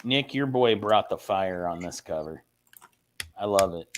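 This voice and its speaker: Lively, jokey man. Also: deep voice, a little slow. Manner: jokey, playful. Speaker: panelist. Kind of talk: casual live panel chat.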